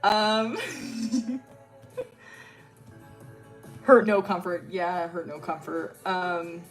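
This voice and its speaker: A woman's voice: fairly low pitch, steady tone, very slow, soft background music. Rambling young woman telling a story. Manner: rambling, filler-heavy, laughing. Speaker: streamer. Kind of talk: casual storytelling.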